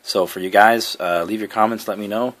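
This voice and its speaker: A man's voice: on the low side, steady tone, a little fast, a bit bright. A man giving a casual, step-by-step walkthrough of game console audio settings, repeating his points with plenty of fillers. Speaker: gaming headset reviewer. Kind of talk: casual tutorial talk to camera.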